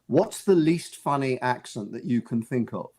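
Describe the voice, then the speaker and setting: A mellow, animated, medium-pitched male voice at normal speed belongs to an actor and author being interviewed. Recorded with a radio studio mic, he rambles through amused, casual stories, often restarting and repeating words.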